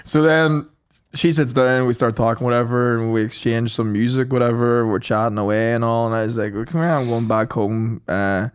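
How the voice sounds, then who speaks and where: A Northern Irish man co-hosting a comedy podcast, telling a story in animated chat and acting out the other voices. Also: mid-range voice, moderate pace, clear, resonant tone. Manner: animated, acts out voices, laughs often. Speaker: podcast co-host.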